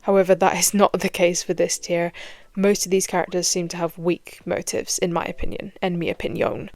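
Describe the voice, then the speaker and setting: A woman's voice: lowish voice, flat delivery, a little fast, a little mellow. A young British woman giving scripted, playful commentary with jokey, self-mocking asides. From Britain. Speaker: horror commentary YouTuber.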